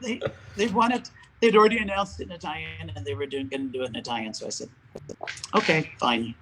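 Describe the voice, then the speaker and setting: A man's voice: a little high, quick pace, noisy background. Older male opera singer telling stories. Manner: animated storyteller, acts out quoted dialogue, laughs often. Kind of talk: casual interview chat.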